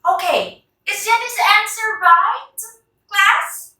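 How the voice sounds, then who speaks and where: A woman's voice: high-pitched, lively intonation, slow, bright, forceful tone, far from the mic. Filipino woman teacher in echoey classroom. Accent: Filipino English. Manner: calls on students by name, checks understanding often.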